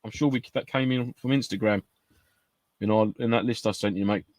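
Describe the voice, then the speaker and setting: A man's voice: on the low side, steady tone, a little mellow, no room sound. A British man co-hosting a podcast, chatting casually with lots of "you know" and restarts. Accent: British English. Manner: rapid, chatty, full of "you know" and repeats. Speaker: podcast co-host. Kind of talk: casual chat.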